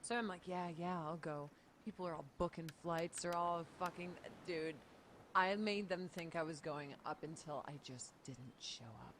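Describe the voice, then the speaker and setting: A woman of about thirty with a Chicago accent chats as a podcast guest. Her voice sits on the low side, and she tells her stories with animated, profane energy. A faint hiss runs under her voice. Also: moderate pace. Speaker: guest, streamer. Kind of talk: casual podcast chat.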